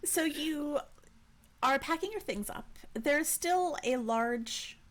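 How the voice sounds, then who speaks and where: A woman's voice: high voice, expressive, slow pace, a bit bright. A woman narrating as game master in a casual, rambling way. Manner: casual, rambling with restarts and fillers.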